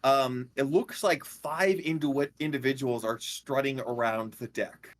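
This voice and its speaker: A man narrating a tabletop game as game master, halting with many fillers. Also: medium pitch.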